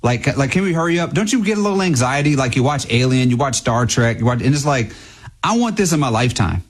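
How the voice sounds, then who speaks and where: A man's voice: medium pitch, lively intonation, fast talker, breathy edge. A man co-hosting a radio show, rambling in casual banter and starting his sentences over and over. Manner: rambling, restarts often, says like a lot. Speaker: radio co-host. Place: radio studio.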